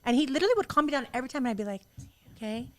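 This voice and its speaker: A woman in her thirties hosting a podcast, telling animated stories and acting out quotes with frequent laughter. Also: high-pitched, racing. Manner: animated storyteller, acts out quotes, laughs often. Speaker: podcast host. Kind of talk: casual chat.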